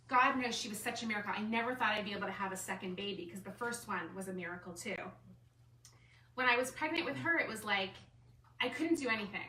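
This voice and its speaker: A woman who is an artist and designer, telling a personal story to a group in a chatty, animated way with lots of "like". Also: on the high side. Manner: chatty, animated storytelling full of "like" and self-quotes. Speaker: artist and designer speaking at a gathering. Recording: echoey room, mic far off, faint room noise.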